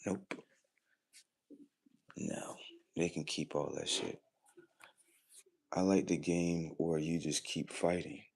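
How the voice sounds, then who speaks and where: A man hosting a livestream, rambling in a casual monologue that repeats itself, swears freely and swings from low muttering to loud emphasis. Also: fairly even intonation, slow pace, vocal fry, pauses often. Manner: rambling, repetitive and profane, drifting between muttering and loud emphasis. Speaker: livestream host.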